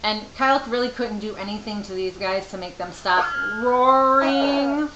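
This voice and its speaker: A woman's voice: a little high, normal speed, highs cut off. A middle-aged woman, a mother, telling a rambling, chatty story to camera from home with many asides. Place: home room. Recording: echoey room with faint hiss.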